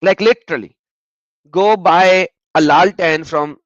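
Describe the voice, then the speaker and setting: A man giving sarcastic video commentary as an online religion critic, mocking and swinging between loud exclaiming and muttering. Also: high voice, unhurried, dry recording, dull audio.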